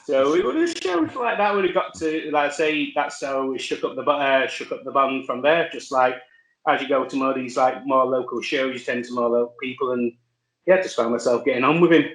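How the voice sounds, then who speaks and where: A man telling wrestling stories in casual chat, halting with many fillers and restarts. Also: medium pitch, a bit bright. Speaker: wrestler guest. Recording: roomy echo.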